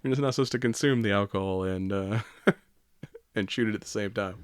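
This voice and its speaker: A man's voice: fairly low pitch, brisk, clean tone, no echo. A man co-hosting a casual podcast chat, laughing often, swearing freely and acting out quotes. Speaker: podcast co-host.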